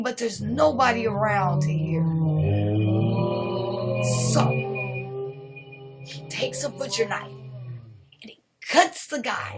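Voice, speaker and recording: A woman's voice: on the high side, big pitch swings, slow, vocal fry, pauses often, loud music behind the voice, rough recording. A woman live streaming, telling a horror story in a rambling way, with restarts and dips into whispers.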